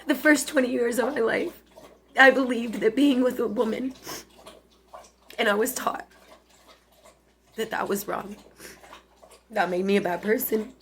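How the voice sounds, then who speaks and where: A woman in her forties talking to camera in a personal confessional monologue, emotional and tearful, halting and restarting often. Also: a little high, fairly bright tone, a little hiss or hum. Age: 40s. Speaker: vlogger.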